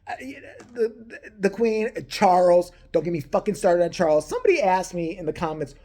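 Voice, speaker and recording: A woman's voice: lowish voice, sing-song, brisk, warm tone. A woman in a crude comedic rant, profane and mocking, on her own vlog. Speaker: vlogger.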